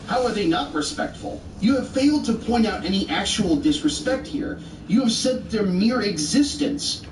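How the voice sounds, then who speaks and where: A man giving argumentative commentary, rebutting a video in a sarcastic, exasperated rant. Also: fairly high pitch. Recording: roomy, distant with faint noise.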